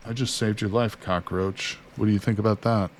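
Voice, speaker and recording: A man with a lowish voice talking through a survival game in a loose, chatty way. He narrates his moves and talks to his character as he goes. Faint background noise sits under his voice. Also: fairly even intonation, brisk. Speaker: gaming streamer. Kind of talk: casual let's-play commentary.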